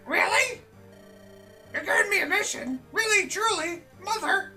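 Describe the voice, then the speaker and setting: A man voicing an excitable little girl in a game reading, with a squeaky falsetto. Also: measured pace, recorded from a distance, faint music behind, heavily acted. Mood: thrilled. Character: excitable little girl, eager and wide-eyed.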